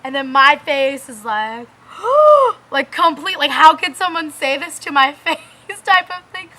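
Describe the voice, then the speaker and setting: A young woman vlogger telling a personal story in a casual, animated way, with lots of fillers and frequent laughs. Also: high-pitched, normal speed.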